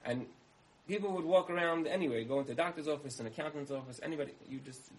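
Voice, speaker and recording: A man's voice: a little high, quick pace, poor audio. A man giving a storytelling sermon, repeating key phrases for emphasis and acting out the dialogue of his story. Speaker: speaker giving a talk.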